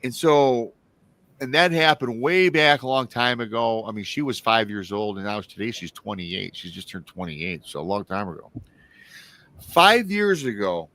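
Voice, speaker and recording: A man's voice: mid-range voice, bright, forceful tone, dry recording. A man in his forties hosting a live talk show, telling a story casually, with many restarts and asides to his listeners. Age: 40s. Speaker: show host.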